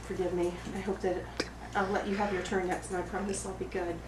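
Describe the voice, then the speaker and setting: An actress playing an oversensitive, apologetic woman at a support group, rambling through an improvised monologue in a rough, emotionally raw way. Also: medium pitch, flat delivery, a little fast, close to an everyday voice. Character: oversensitive, apologetic woman pouring out her woes. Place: roomy studio space. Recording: echoey room, far mic, background noise.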